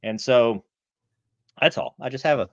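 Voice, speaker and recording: A man's voice: mid-range voice, measured pace, dry recording, lo-fi sound. A middle-aged man co-hosting a podcast, telling a flying story and acting out the radio calls. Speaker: podcast co-host, former fighter pilot. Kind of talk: casual storytelling chat.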